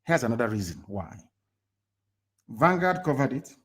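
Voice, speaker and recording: A man with a Nigerian accent giving an impassioned live political address to followers. He is emphatic, fires rhetorical questions at his listeners, and swings between loud bursts and low asides. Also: big pitch swings, moderate pace, slightly rough. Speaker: movement leader.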